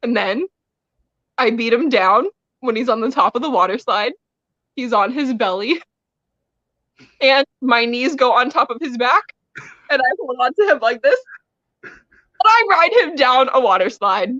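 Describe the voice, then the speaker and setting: A woman's voice: fairly high pitch, expressive, moderate pace, long pauses, sharp tone, dry recording, dull audio. A woman wrestler guest telling a story in a casual interview, laughing often as she talks. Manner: giggly, laughs often while telling stories.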